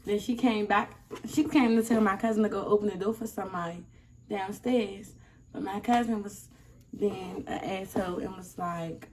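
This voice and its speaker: A young woman vlogger telling a casual storytime, animated and acting out the people in it. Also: mid-range voice, normal speed. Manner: animated, acts out quoted people. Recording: slightly distant mic, faint noise.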